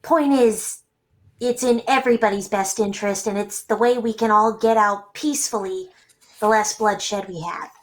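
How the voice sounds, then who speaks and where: A woman's voice: medium pitch, normal speed. A woman playing at a tabletop game, earnestly pushing the group to focus.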